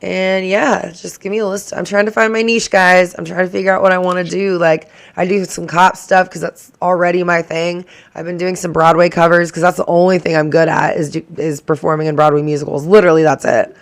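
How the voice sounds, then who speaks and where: A woman's voice: on the low side, flat delivery, brisk, few pauses. A woman hosting her own reaction channel, chatting casually to the camera in a rambling way that keeps drifting into tangents.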